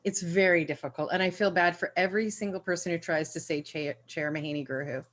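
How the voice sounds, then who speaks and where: A woman's voice: lowish voice, quick pace. A woman chairing a public meeting over a video call, making playful, teacherly announcements. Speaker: commission chair.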